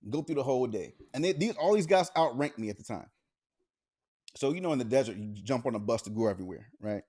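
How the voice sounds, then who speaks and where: A man co-hosting a podcast, chatting casually and telling stories in a profane, animated way. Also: medium pitch, quick pace, husky. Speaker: podcast co-host. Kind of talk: casual chat.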